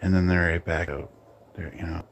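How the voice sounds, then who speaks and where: A man hosting his own channel, ranting bluntly in a casual, halting monologue. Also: low voice, fairly even intonation, slight background noise. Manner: blunt, opinionated, halting with restarts. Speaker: channel host.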